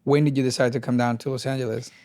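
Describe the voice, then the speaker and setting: A man's voice: medium pitch, little pitch movement, rapid-fire, darkish tone. A man co-hosting a podcast, chatty and eager in a casual interview. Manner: chatty, eager, laughs along. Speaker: podcast co-host.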